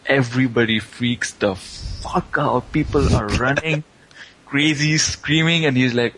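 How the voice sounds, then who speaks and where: A man's voice: mid-range voice, fairly even intonation, slow, fairly bright tone, a little hiss or hum, rough recording. A man casually recapping an anime plot, rambling with plenty of fillers. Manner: rambling, filler-heavy storytelling.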